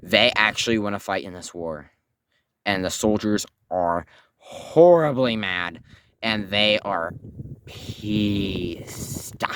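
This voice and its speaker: A man's voice: low-pitched, background noise. A man playing a bumbling male news reporter in an amateur comedy skit, rambling in a mock-solemn way.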